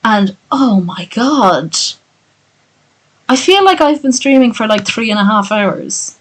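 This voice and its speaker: A woman's voice: a little high, expressive, slow pace, low-quality recording. A woman streamer chatting casually and profanely after a long reading, tired and with a sore voice. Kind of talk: casual chat.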